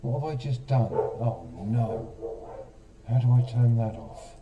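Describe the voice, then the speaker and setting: A man's voice: medium pitch, expressive, slow, far from the mic, muffled recording, noisy background. A man hosting a casual live stream, chatting straight to viewers and quizzing them, with a self-mocking manner.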